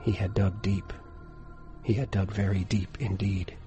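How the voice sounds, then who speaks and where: Male narrator for a dark tale: unhurried, lower register, measured with hushed suspense. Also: little pitch movement, soft background music. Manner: measured, dropping to a hush for suspense. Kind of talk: dramatic horror story reading.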